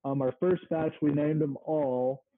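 Speaking a little slowly with fairly even intonation, this slightly high-voiced Mississippi man is a guest who owns a small farm. He chats casually, hunting for words, over a thin phone-like line.

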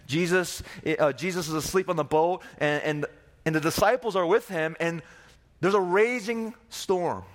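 A young man delivers a sermon in a fairly high voice. He tells the stories with theatrical flair, jumping in and out of the characters' voices. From Korea. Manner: dramatic, acts out voices of disciples and Jesus. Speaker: pastor.

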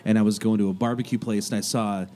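A man hosting a radio talk show, telling stories in a lively, laughing way. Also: lowish voice, fast, slight background noise. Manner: animated, laughing storyteller. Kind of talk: casual storytelling chat.

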